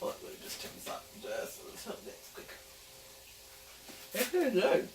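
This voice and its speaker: A woman's voice: a little high, sing-song, normal speed, recorded from a distance. Woman home cook, chatty and playful, off-mic in a roomy kitchen with faint background hiss. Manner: chatty, playful, talks through each step. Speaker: home cook, channel host. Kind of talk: casual cooking vlog. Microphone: camera mic, back turned, away from it.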